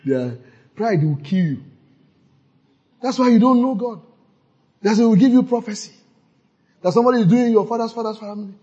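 A man delivers a fervent church sermon, drawing call-and-response from the congregation and bursting into shouts. His voice sits high and comes out husky and breathy. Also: expressive, a little fast, long pauses, dull audio. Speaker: pastor.

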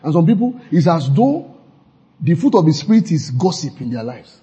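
A man preaching a sermon as a pastor. He swings suddenly between loud and soft, acts out quoted gossip and repeats lines for emphasis. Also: fairly high pitch, very animated, normal speed, breathy edge. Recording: dull lo-fi recording.

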